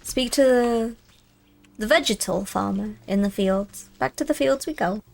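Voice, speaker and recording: Young woman streamer, chatty and easily distracted, slightly high voice, game music under it. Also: a little slow, vocal fry, darkish tone. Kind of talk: live game commentary and reading aloud.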